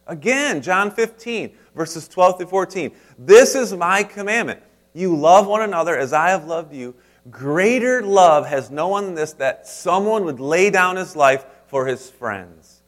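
A male pastor delivering a sermon, swinging between loud, emphatic lines and hushed, quiet asides, and putting questions straight to his congregation. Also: high-pitched, lively intonation, unhurried.

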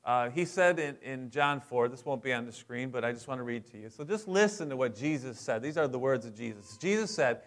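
Middle-aged male pastor, casual sermon delivery, mid-pitched, checks in with listeners. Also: fast talker, hardly any pauses. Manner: conversational, asks the congregation for responses.

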